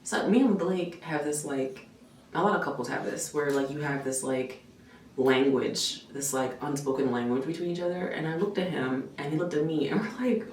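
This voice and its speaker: A woman vlogger telling a story in a casual, animated way, swearing freely and saying "like" a lot. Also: deep voice, moderate pace. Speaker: vlogger and nurse. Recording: echoey room, mic at a distance, faint background noise.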